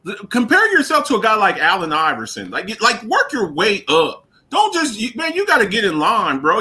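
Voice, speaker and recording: A man on a talk radio show rants about sports in a casual, emphatic way. His voice sits high and swings widely, with a bright edge. He stumbles over repeated words and laughs as he goes. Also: moderate pace, hardly any pauses. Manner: animated, emphatic, repeats himself, laughs often.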